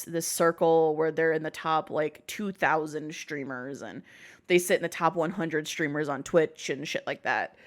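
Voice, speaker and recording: Brief: woman podcast host, somewhat low voice, loose and profane. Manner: swearing, rambling, quick asides. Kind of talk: casual chat.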